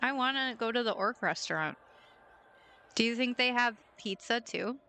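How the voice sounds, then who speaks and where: A woman's voice: fairly high pitch, animated, normal speed, pushed and bright, smooth, poor audio. A young woman streaming a game, chatting playfully with her viewers and giggling at her own jokes. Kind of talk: casual chat while gaming.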